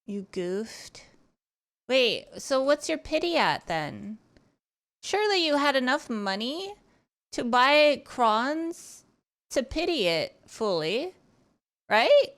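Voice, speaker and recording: A woman's voice: sits high, sing-song, takes it slowly, a bit bright. A woman streamer chatting casually with her viewers while gaming, teasing and cursing freely.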